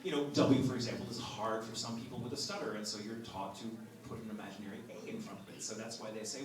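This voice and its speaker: A man's voice: fairly low pitch, fairly even intonation, fast, hardly any pauses. A man from Texas with a neutral American accent, a voice actor joking with fans during a convention Q&A panel. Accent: none, neutral American. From Texas, USA. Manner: playful, joking, calling on fans. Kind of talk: lively fan Q&A banter. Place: large convention hall. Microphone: handheld phone in the audience. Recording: echoey hall, far phone mic, noisy crowd.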